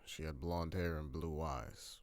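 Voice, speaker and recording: A man with a very low, deep voice narrates a horror story in a steady, grim tone. The recording is dry and close, with no room sound. He reads it as scripted narration. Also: unhurried, no echo.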